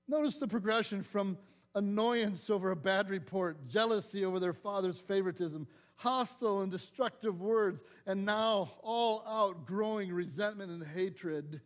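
A middle-aged man preaching a sermon as pastor, swinging between loud emphatic lines and soft quiet asides. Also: high-pitched, moderate pace.

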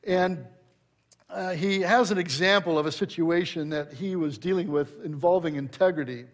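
A man's voice: fairly high pitch, moderate pace. A middle-aged male pastor preaching a sermon, telling anecdotes in a conversational way and rising to emphatic preaching.

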